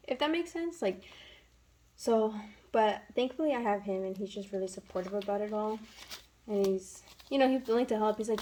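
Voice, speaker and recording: A woman in her twenties chats casually for a budgeting vlog, counting bills aloud and using plenty of filler words. Her mellow, medium-pitched voice moves at normal speed, but the poor audio carries a little hiss or hum.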